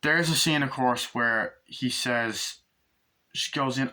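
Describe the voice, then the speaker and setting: A man giving a casual, rambling spoken film review, acting out scenes in squealing high voices as he goes. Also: takes it slowly, bright, forceful tone. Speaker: movie reviewer.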